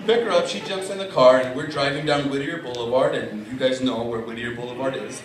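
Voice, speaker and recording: A man's voice: medium pitch, brisk, a faint crowd. A young man performing a profane stand-up set as a comedian on a club stage, telling a story with voices he acts out. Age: young adult. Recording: echoey club recording from far off. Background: audience laughter.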